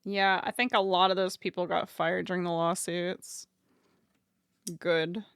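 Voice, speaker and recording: A woman's voice: fairly low pitch, level tone, measured pace, vocal fry, fairly bright tone, smooth, no room sound, clean studio sound. A woman streamer chatting casually with her viewers, swearing freely and laughing often.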